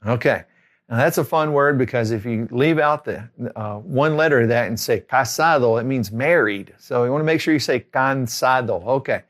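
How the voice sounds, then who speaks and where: A man's voice: mid-range voice, a little fast. A middle-aged man giving a spoken vocabulary lesson as a tutor, repeating each word twice for learners. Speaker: language tutor.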